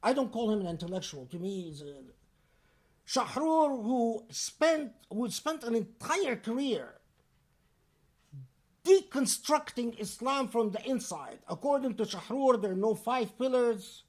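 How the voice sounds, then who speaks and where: A man preaching a Friday sermon in a deliberate, emphatic and pointed way. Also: very high voice, lively intonation, a little mellow.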